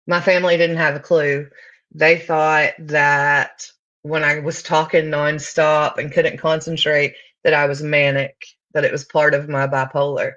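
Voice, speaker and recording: A woman's voice: low voice, fairly bright tone, dull audio. A woman giving a candid recovery testimony, blunt and full of fillers. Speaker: recovery speaker.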